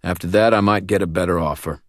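A man's voice: sits low, steady tone, quick pace, a bit bright, no echo. A man playing a curt, dry bodyguard. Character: laconic hired bodyguard man, wary and dry.

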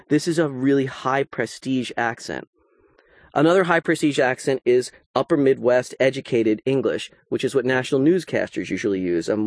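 A man's voice: medium pitch, darkish tone, no echo, studio quality. A man giving a recorded lecture, explaining in a conversational way with occasional asides.

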